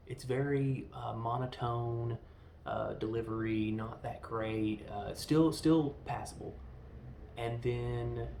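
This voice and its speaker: A man's voice: mid-range voice, gravelly, a little mellow, a little hiss or hum. A man giving a casual film review, retelling the plot in a rambling, enthusiastic way with lots of fillers. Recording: roomy echo.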